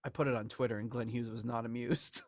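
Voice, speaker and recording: A man's voice: mid-range voice, fairly even intonation, fast talker, no echo. A man co-hosting a podcast in casual chat, rambling with frequent restarts and laughs. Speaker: podcast co-host. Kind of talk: casual chat about album memorabilia.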